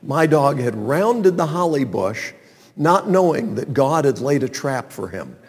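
A man from North Carolina telling a personal story to an audience in an animated, sermon-like way. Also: mid-range voice, unhurried, husky. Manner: animated storyteller, acts out calls and sounds. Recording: long reverb of a large hall.

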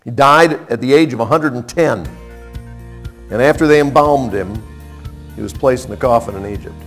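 A man preaching a sermon as pastor, impassioned and climbing to high, emphatic peaks. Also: normal speed, faint music behind.

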